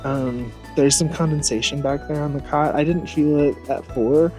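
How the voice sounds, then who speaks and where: A man's voice: on the high side, steady tone, moderate pace, music in the background, rough recording. A man vlogging casually while camping outdoors in a truck bed, chatty and poking fun at himself. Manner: chatty, self-mocking, laughs at himself. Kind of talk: casual vlog chat.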